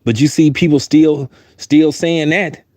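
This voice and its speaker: A man's voice: fairly high pitch, steady tone, measured pace, a little mellow, dry recording. Heated blunt male commentator. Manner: heated, blunt, repeats himself for emphasis. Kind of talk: opinionated commentary.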